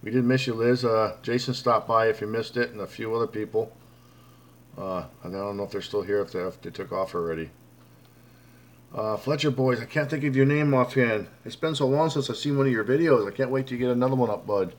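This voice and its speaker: A brisk man with a mid-range voice and fairly even intonation hosts a relaxed live stream. He greets viewers by name and calls them bud, reads their comments aloud, and rambles, often using fillers and starting over.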